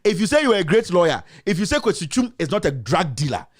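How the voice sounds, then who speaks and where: A man's voice: high-pitched, big pitch swings, fast. A man hosting a commentary show, mocking and mixing English with Twi. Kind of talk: live commentary.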